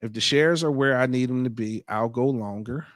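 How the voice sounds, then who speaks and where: A man's voice: medium pitch, normal speed, no room sound, clean studio sound. A man hosting a podcast live stream, chatting casually, reading out viewer comments and joking around with loose, profane banter. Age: adult father. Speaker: podcast host.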